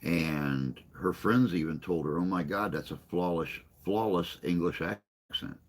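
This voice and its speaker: A man hosts a relaxed morning live stream and talks straight to his viewers. His voice sits very deep and low, and he takes his time, drifting from one joke to the next while he answers their messages. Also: measured pace. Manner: rambling, joking, reads and answers chat. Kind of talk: casual chat with live chat viewers.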